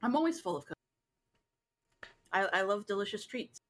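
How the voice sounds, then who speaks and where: A woman's voice: mid-range voice, expressive, brisk, a bit bright. Female call-in co-player, casual banter, teasing and blunt. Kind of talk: casual chat over a voice call.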